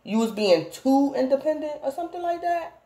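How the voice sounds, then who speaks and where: A woman's voice: high voice, lively intonation, brisk, warm tone, reverberant. A woman giving a casual tarot reading, rambling and repeatedly calling out to her viewers by the same phrase. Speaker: tarot reader.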